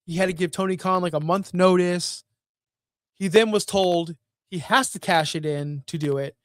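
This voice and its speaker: Blunt, high-voiced man ranting. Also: fairly even intonation, moderate pace, no room sound, clean studio sound. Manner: blunt, profane, exasperated. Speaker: wrestling show host. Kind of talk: casual rant commentary.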